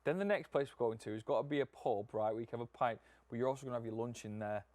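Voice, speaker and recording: Man, quick podcast host, chatty and teasing, dry close sound. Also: mid-range voice, a little mellow, no echo. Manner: chatty, leading questions, playful banter. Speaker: podcast co-host leading the segment. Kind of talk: casual chat.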